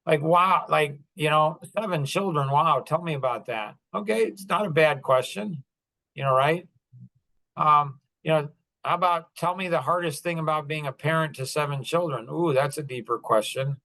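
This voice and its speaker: A middle-aged man with a somewhat high voice tells a story on his podcast. He talks in a loose, conversational way, full of asides and restarts. He comes across as earnest and a bit apologetic. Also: moderate pace, pushed and bright. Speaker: podcast host. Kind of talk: casual storytelling monologue.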